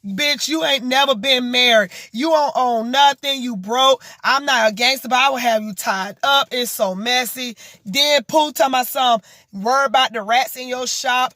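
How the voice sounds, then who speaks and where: Sassy, profane high-voiced woman vlogger. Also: moderate pace, no echo, studio quality. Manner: animated, mocking and exasperated. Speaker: vlogger recapping a reality show. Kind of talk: casual gossip commentary.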